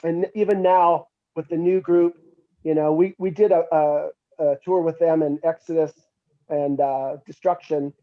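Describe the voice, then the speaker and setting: With a fairly high pitch and a somewhat slow pace, this middle-aged man shares stories as a guest on an interview. He's a metal musician who animatedly performs others' quotes in a raised voice, heard through narrow, tinny audio.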